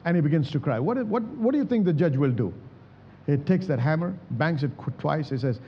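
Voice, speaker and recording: A man's voice: a little high, lively intonation, brisk, long reverb tail, muffled recording, slight background noise. A male pastor preaching a sermon, calling out to the congregation for responses and acting out prayers as he speaks. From India. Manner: preaching with emphatic calls to the church.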